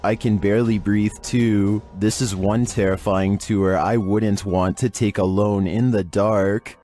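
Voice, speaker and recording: A man narrating a creepy video countdown in a flat, monotone scripted delivery. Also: fairly low pitch, a little slow.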